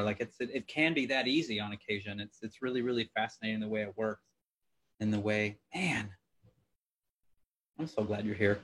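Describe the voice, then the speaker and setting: A man hosting a conversational interview, relaxed and affirming, with casual swearing. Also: lowish voice, a little fast, long pauses, breathy edge. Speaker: podcast host.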